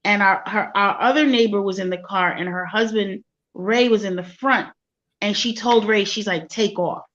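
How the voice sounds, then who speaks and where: A soft-spoken woman tells a personal story in a quiet, gentle way. The sound is a little dull and lo-fi, and her pitch sits mid-range for a woman. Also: normal speed. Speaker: guest. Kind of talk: personal testimony in an interview.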